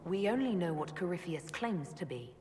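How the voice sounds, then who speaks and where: A woman playing a steady, low-voiced game hero. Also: moderate pace, slight background noise, lightly acted. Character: steady female hero leading a group.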